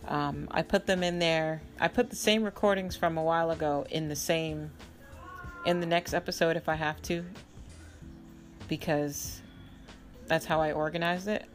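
Female podcast host, deep-pitched, informal solo chat with listeners. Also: fairly even intonation, moderate pace, pauses often, faint music behind. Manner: chatty, informal, trailing fillers.

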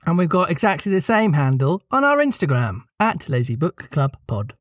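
A man's voice: fairly high pitch, big pitch swings, normal speed, no echo, studio quality. A man co-hosting a casual book club podcast, playful and encouraging. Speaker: podcast co-host.

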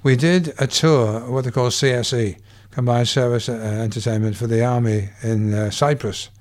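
An older man talks as a comedian guest, telling one anecdote after another. He slips in quick gags and quoted lines. His voice sits at an ordinary mid pitch. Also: fairly even intonation, a little mellow. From England. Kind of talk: anecdotal chat.

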